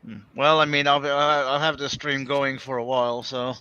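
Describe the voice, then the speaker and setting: A man's voice: mid-range voice, level tone, normal speed, sharp tone, clean tone, no room sound, dull audio. A man hosting a livestream in casual chat, rambling and hesitant, repeating his words and swearing offhandedly. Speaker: livestream host.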